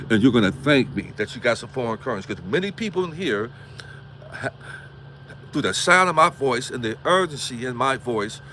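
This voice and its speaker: A man's voice: medium pitch, bright, forceful tone, a little hiss or hum. A man from Gary, Indiana, hosting a livestream, preaching with repeated rhetorical questions and swearing. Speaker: livestream host. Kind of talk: impassioned livestream monologue.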